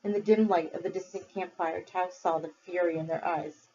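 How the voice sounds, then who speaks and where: A woman teacher reading a novel aloud to her class, measured and expressive. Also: on the low side. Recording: dull lo-fi recording.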